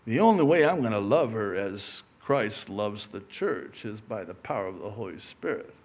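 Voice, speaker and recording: A middle-aged man preaching a sermon, moving between loud emphatic lines and quiet asides. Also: moderate pace. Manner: animated, swings from loud preaching to low asides. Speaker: pastor.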